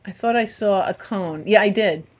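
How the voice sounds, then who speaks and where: A woman's voice: medium pitch, moderate pace. A woman vlogging from a beach as she hunts for shells, bubbly and gushing, and talking to the shells she finds. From Southwest Florida. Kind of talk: casual narrated vlog. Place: outdoors on a beach.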